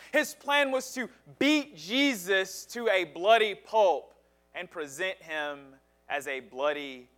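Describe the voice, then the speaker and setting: A man's voice: extremely high pitch, fairly bright tone. A male pastor preaching a sermon, retelling a story dramatically and stressing words in emphatic lists.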